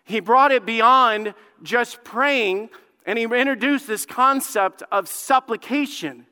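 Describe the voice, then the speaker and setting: A male lead pastor preaching a sermon, fervent, dropping to a hushed plea and then rising loud, and often repeating words as he builds a point. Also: extremely high pitch, slow, clean tone. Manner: fervent, swings from hushed pleading to loud outbursts. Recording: long hall reverb.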